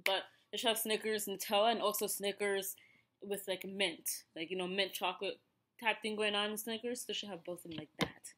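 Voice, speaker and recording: A woman's voice: medium pitch, fairly even intonation, a little fast, a bit bright. A woman in her thirties with an Ethiopian accent, chatting casually through a snack review with many fillers and restarts. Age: 30s. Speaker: vlogger.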